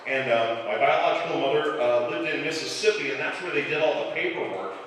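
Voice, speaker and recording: Man, forties, light Chicago accent, stand-up comic, dry deadpan storytelling, bright tone, echoey live club hall. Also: a little high, distant mic, slight background noise. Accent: Chicago, mostly softened. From Chicago area. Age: 40s. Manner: dry, self-deprecating storytelling with filler pauses. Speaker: stand-up comedian. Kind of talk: stand-up comedy set. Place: live comedy club stage. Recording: echoey club hall, mic heard from afar.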